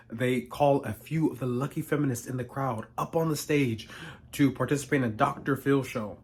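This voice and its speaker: A young man telling a storytime vlog with sarcastic, profane humor. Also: medium pitch. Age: young adult. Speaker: vlogger.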